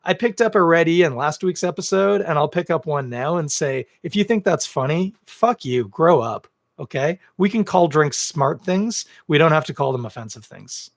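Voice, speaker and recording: A man's voice: a little high, expressive, moderate pace, vocal fry. A man hosting his own podcast, talking in a casual rant full of ums and uhs, earnest and then blunt. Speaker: podcast host. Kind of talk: casual ranting monologue. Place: home set filmed on two cameras.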